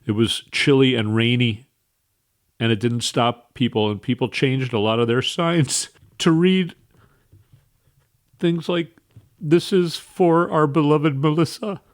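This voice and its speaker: Weepy minnesota radio guy, halting and emotional, mid-pitched voice. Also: steady tone. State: tearful, weepy. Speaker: radio show host.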